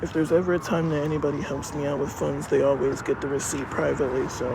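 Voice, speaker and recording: A woman's voice: sits low, flat delivery, fast talker. Chatty woman livestreaming from a noisy street. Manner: rambling, chatty, swears freely. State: cold. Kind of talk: casual live-stream chat. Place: outdoors on a city street. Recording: street noise, echoey street.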